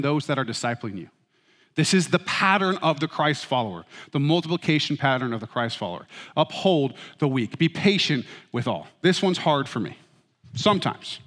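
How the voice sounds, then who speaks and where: A middle-aged man preaching a sermon as pastor, with humorous, animated storytelling. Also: fairly high pitch. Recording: reverberant hall.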